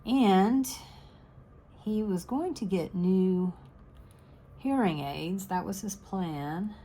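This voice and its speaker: A woman's voice: medium pitch, extremely slow, warm tone. A middle-aged woman, chatting casually and rambling to her channel's viewers. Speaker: crafting channel host.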